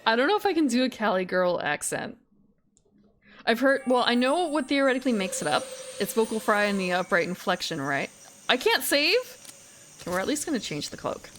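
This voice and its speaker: This woman streamer talks casually while she plays, rambling and correcting herself along the way. Her voice sits fairly high with big swings in pitch, and she speaks fairly quickly over slight background noise. It's casual gaming commentary.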